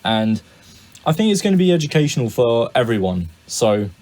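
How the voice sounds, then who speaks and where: A man with a British accent introducing his chart analysis in a polite, measured, formal way. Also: mid-range voice, sing-song, a little mellow. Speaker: student presenting a chart analysis. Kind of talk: prepared video intro.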